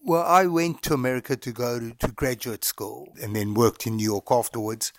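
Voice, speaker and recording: A middle-aged man from Zimbabwe, a guest in an interview, telling stories about his life in a relaxed, anecdotal way and chuckling as he recounts them. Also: medium pitch, normal speed, background noise. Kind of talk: reflective storytelling in an interview.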